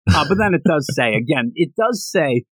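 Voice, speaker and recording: A man co-hosting a podcast, chatting casually about a manga and acting out scenes with lively pitch jumps. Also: husky, dry recording. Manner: animated, quick shifts of pitch when acting out scenes. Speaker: podcast co-host. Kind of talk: casual manga review chat.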